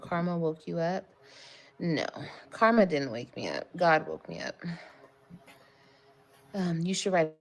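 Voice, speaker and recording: A woman's voice: on the low side, animated, unhurried, creaky, long pauses. A woman talking casually on a livestream, blunt and heavy on swearing as she vents to her viewers. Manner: blunt and profane, emphatic venting.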